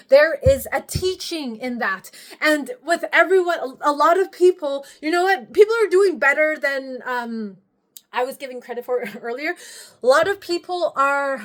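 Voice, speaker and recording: High-voiced rambling spiritual woman vlogger. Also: a bit bright. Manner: rambling, restarts often, swears casually. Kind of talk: casual spiritual check-in monologue.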